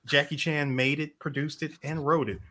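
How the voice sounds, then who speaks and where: A man co-hosting a podcast in casual chat, lively and quick to disagree. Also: fairly high pitch. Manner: argumentative, lively. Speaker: podcast co-host.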